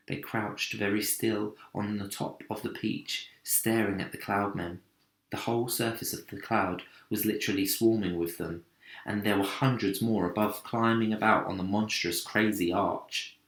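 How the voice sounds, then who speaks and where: A man, a teacher, narrating a children's book aloud in a soft, hushed way. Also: on the low side, fairly even intonation, normal speed. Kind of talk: storybook read-aloud narration. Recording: roomy echo.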